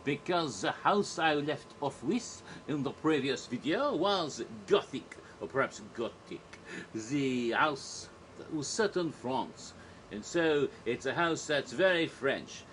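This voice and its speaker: A man's voice: medium pitch, lively intonation, unhurried, a bit bright, a little hiss or hum. A man vlogging in a casual, rambling monologue, digressive, chuckling at his own jokes with many fillers.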